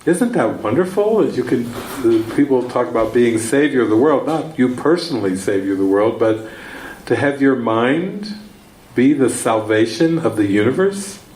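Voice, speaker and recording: A man's voice: medium pitch, lively intonation, normal speed, darkish tone, a little hiss or hum. A man giving a spiritual teaching talk, telling a story and repeating words for emphasis. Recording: echoey room, faint ambience.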